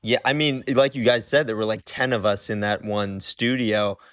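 A man being interviewed as a guest actor, chatting in a relaxed way. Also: lowish voice, moderate pace, no room sound, studio quality. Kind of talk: casual interview chat.

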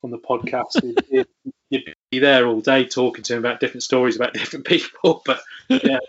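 A man's voice: medium pitch, lively intonation, a little fast, slightly rough, highs cut off. A man, a podcast guest, telling stories in a rambling way with many fillers. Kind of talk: casual storytelling interview.

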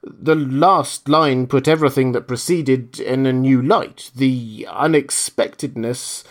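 A man's voice: mid-range voice, slow pace. A man voicing a polite male official who sounds hesitant and puts on a forced heartiness.

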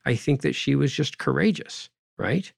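A man's voice: mid-range voice, moderate pace, creaky, dry recording, studio quality. A man speaking as an interview guest in a discursive, conversational way, often adding "right?" and "you know".

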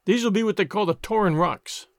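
Man doing a shrewd, careful traveler, unhurried and thoughtful, gravelly voice, dry audiobook sound. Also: high-pitched, no room sound. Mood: musing.

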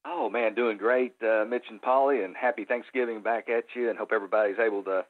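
A man's voice: on the low side, steady tone, brisk. A man calling in as a guest sports analyst, speaking steadily with frequent fillers over the phone. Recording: phone line.

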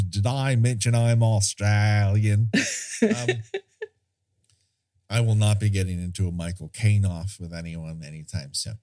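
A man's voice: on the low side, dark tone. A man co-hosting a casual film podcast, rambling and self-deprecating, often breaking into laughter. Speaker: podcast co-host.

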